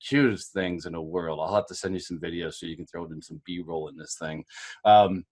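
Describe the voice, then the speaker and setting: A man in his forties with a light Southern American twang, a guest talking in a folksy, energetic way in a casual podcast interview. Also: low-pitched, fairly quick. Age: 40s. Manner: folksy, energetic, calls people dude and brother.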